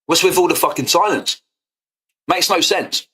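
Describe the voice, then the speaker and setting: A man's voice: high-pitched, moderate pace, bright, forceful tone. A young man, ranting angrily at a fellow streamer, swearing often and calling him out. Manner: angry, confrontational, swears often. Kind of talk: heated rant.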